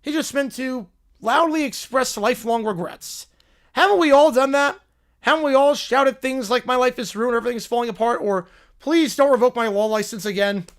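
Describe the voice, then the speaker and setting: A man's voice: very high-pitched, normal speed. Lyle Hutsberg, a man playing a nervous, sorry lawyer. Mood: pleading. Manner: nervous, stammering, apologizes constantly. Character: bumbling, endlessly apologetic male defense lawyer. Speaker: defense lawyer in a comedy courtroom sketch. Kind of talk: comedy sketch acting.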